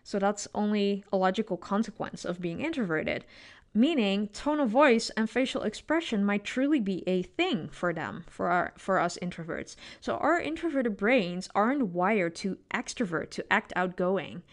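A woman hosts her own podcast as a psychologist and speaks in an expressive, coaching way. Her pitch sits in a typical middle range. She keeps tagging her points with a questioning "right?" as she talks straight into the microphone. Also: normal speed. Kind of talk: solo podcast monologue.

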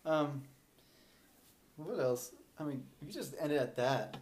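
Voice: mid-range voice, animated, slow. A young podcast co-host chatting in a dry, offhand way. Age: young adult. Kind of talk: casual chat. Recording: loud hiss and noise.

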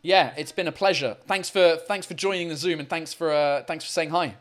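Upbeat host with a high, bright voice, talking through a computer mic, trips over his words and keeps going. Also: steady tone, brisk. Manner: upbeat, chatty, stumbles and repeats words. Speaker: host of a live video call show. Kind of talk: casual live-stream chat with callers. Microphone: computer mic on a video call.

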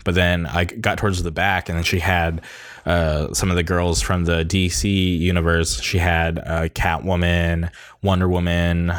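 Low-voiced man rambling on his podcast. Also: no room sound, studio quality. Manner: rambling, upbeat storytelling. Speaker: podcast host. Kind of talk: casual spoken monologue.

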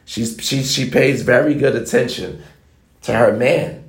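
A man's voice: mid-range voice, measured pace. A man preaching life advice straight to the camera in a blunt, emphatic way, driving his points home by repeating them. His voice sits in a mid range, and a roomy echo surrounds it. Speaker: motivational vlogger.

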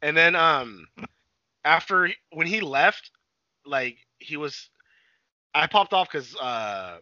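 Young man, casual rambling chat, bright tense voice, dull recording. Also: fairly high pitch, expressive, slow pace, dry recording. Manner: rambling, profane, laughing, acts out quotes. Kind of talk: casual chat recapping a show. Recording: dull dry lo-fi audio.

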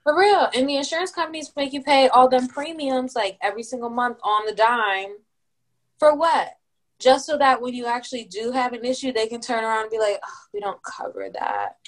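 A woman's voice: a little high, brisk. Young woman podcast co-host, teasing, profane, ranting. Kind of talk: casual chat.

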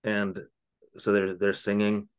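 A man's voice: lowish voice, completely flat delivery, takes it slowly, clean tone. A man co-hosting a podcast, casually retelling a TV episode with lots of fillers and asides. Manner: rambling, filler-heavy retelling. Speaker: podcast co-host. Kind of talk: casual chat recapping a TV episode.

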